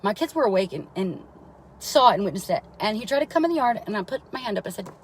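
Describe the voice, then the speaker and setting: A mother with a mid-range voice talks fast and with lively intonation, heard over a low-quality recording with a little hiss or hum. She rambles through a long personal story live, swearing plenty and checking in with listeners by asking "right?"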